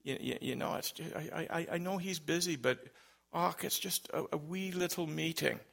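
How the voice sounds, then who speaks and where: A man voicing a bumbling Scottish man on the phone, talking in a soft, hesitant, stammering way with a put-on Scottish accent. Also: fairly high pitch, normal speed, vocal fry, slightly rough, heavily acted. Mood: hesitant pleading.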